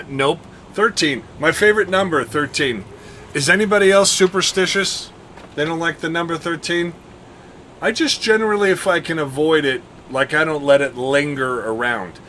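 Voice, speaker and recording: Bright-voiced chatty man streaming a game. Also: on the high side, moderate pace, a little hiss or hum. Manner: chatty, thinks out loud and counts aloud, laughs often, talks to viewers. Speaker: live streamer. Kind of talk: casual gameplay commentary.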